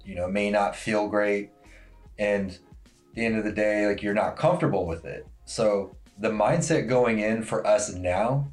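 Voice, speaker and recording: Low voiced guy coach just chatting, lots of you know, bit of music under. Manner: casual, fillers like "you know", swears. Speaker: strength coach. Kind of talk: casual podcast chat.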